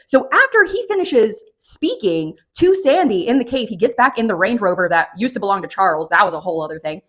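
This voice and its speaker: A woman giving a casual, profane and sarcastic spoken book review, recapping the plot with animated energy. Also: mid-range voice.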